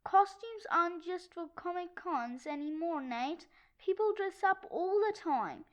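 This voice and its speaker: A calm comic-shop clerk patiently explains shop life, as a woman reads him aloud. The voice is high, and the reading is slow and storybook-like. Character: patient young man working at a comic shop. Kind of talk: children's book read-aloud.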